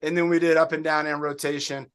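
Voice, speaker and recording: Male fitness coach on a video call. High voice, upbeat, encouraging, praises students by name. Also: little pitch movement, fast talker, a bit bright, clear, resonant tone. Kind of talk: leading an online workout class.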